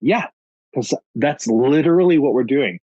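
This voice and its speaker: A man's voice: medium pitch, measured pace, no echo. Joking male podcast guest, muffled dry audio. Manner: joking, animated storyteller. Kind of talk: casual chat. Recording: dull lo-fi dry sound.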